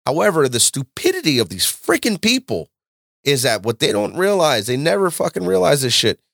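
A man hosting a podcast, ranting and lecturing in a loud, profane, animated way. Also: fairly high pitch, brisk, creaky, no room sound, clean studio sound. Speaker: podcast host. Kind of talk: casual podcast chat.

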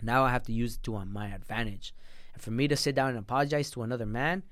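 A man's voice: medium pitch, fairly even intonation, fast talker, fairly bright tone, no echo. Young guy on a podcast, blunt and cussing a lot, emotional story, mid voice, dead dry room. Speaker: podcast guest. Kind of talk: casual storytelling interview.

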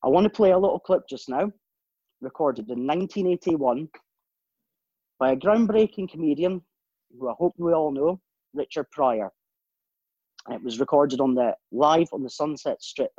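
A man's voice: on the high side, moderate pace, pauses often, warm tone, husky, dry recording, dull audio. A man giving an earnest, emphatic personal monologue as host, with profanity and stumbles.

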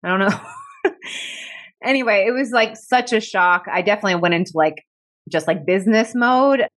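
A woman with a medium-pitched voice, speaking at normal speed, shares a personal story as a podcast guest. She's candid and reflective, says "like" constantly, and sounds emotional, at times close to tears.

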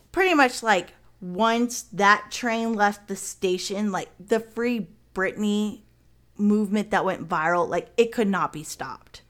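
A woman's voice: mid-range voice, slow, a bit bright. Casual, self-mocking woman in her forties. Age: 40s. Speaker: podcast co-host. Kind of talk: casual podcast chat.

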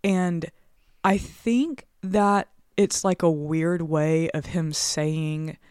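A woman's voice: deep voice, fairly even intonation, extremely slow, darkish tone, smooth, dry recording, clean studio sound. A woman co-hosting a true crime podcast, alternating casual chat full of 'like' with read narration. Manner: casual, chatty, with frequent 'like'. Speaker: podcast co-host.

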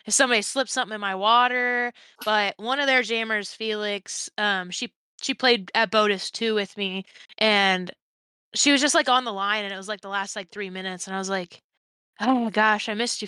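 A woman's voice: medium pitch, moderate pace, pushed and bright, clean tone, dry recording. A woman co-hosting a podcast, talking casually and joking playfully. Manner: playful, laughs and jokes. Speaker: podcast co-host.

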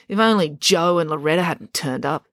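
A woman's voice: low-pitched, lively intonation, normal speed, a bit bright, no echo, clean studio sound. Woman voicing a bossy, scheming young girl. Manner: blunt and impatient.

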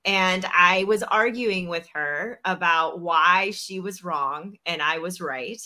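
A woman telling a personal story in a casual podcast chat, animated and acting out the lines of the people in it. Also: on the low side, slow. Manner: animated, acts out quoted dialogue. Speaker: podcast host.

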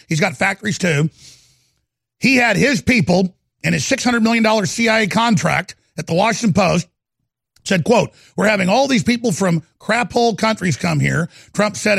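A man's voice: sits high, vocal fry, fairly bright tone, breathy edge, no echo, studio quality. A man hosting a talk radio show, ranting angrily about politics in a heated monologue. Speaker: radio host.

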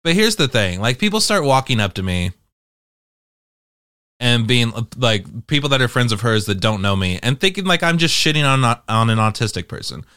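A young man tells a rambling, profane story straight to his viewers, his pitch leaping up and down as he acts it out. His voice is smooth and resonant. The recording is dry and close-miked. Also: normal speed, no room sound. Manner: animated, profane, expressive storyteller. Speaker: vlogger. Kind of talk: casual storytime monologue.

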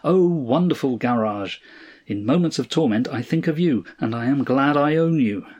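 A man's voice: mid-range voice, lively intonation, normal speed, a little mellow, highs cut off, lightly acted. A man voicing a weary, embittered husband, groaning and sardonic.

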